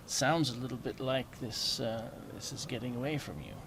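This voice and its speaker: A man's voice: medium pitch, normal speed, natural voice. A man voicing a wry, guarded male army captain in a tabletop game, speaking dryly. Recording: noisy home recording.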